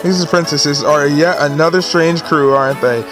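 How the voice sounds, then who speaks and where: A man's voice: on the high side, steady tone, moderate pace, over music, lightly acted. A man voicing a fussy, pompous male bird who serves as a guild assistant, talking in a prim, officious, lecturing way.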